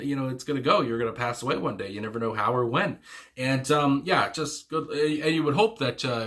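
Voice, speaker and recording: Guy doing a song reaction vid, rambly and thoughtful, kinda sharp bright tone. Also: medium pitch. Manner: meandering, reflective, thinking aloud. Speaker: music reaction host. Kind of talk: casual reaction commentary.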